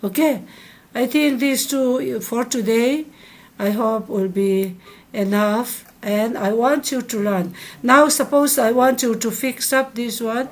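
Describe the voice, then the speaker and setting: Slow, patient woman teaching verb forms. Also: on the high side. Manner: slow, repeats each verb form for students to echo. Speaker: Hebrew teacher. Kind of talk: recorded grammar lesson.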